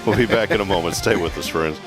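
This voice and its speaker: A man's voice: deep voice, fast, music in the background. A man hosting a morning radio show, chatting and laughing easily with his co-host. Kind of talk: casual morning show chat.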